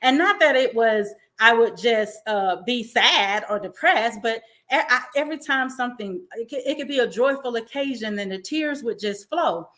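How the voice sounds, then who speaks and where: Bright-voiced effusive woman host. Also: on the high side, animated, normal speed, few pauses. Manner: emotional, effusive, faith-filled. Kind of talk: inspirational talk-show monologue.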